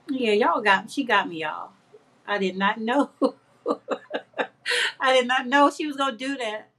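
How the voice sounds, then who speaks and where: A woman's voice: fairly high pitch, slow pace, long pauses, fairly bright tone, husky. A woman hosting a craft livestream, chatting casually and affectionately with viewers, reading their comments aloud and laughing often.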